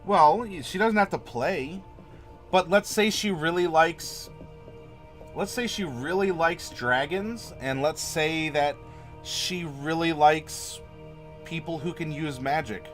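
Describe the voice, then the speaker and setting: A man's voice: a little high, slow pace, faint music behind. A man hosting a casual livestream, chatting with viewers in a rambling, friendly way and laughing often. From Florida. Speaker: livestream host. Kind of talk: casual livestream chat reading viewer comments.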